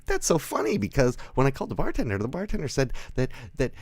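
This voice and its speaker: A man putting on a falsetto unhinged stalker woman. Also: wildly swooping pitch, fast talker, darkish tone, no room sound. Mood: mock sweet. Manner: high falsetto, sing-song, mock sweet. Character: unhinged young woman stalker, sweetly menacing.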